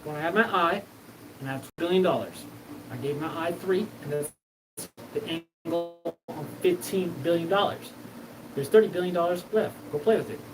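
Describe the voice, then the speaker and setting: A man rambles through a profane, meandering livestream monologue, his voice sitting somewhat high. He is picked up from a distance, with steady background noise clearly audible behind him. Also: normal speed. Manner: rambling, profane, jumps between topics. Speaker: show host.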